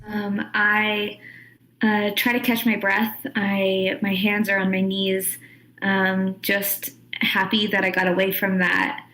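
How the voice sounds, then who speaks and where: A woman's voice: mid-range voice, completely flat delivery, slow pace, pushed and bright, low-quality recording. A woman playing a tabletop role-playing game, describing her character's actions in the first person. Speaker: player.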